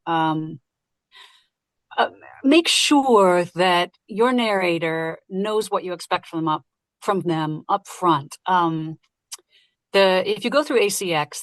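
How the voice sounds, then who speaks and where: A woman who narrates audiobooks, talking casually and lively in an interview and laughing easily. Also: on the low side, no echo. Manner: lively, chatty, quick to laugh.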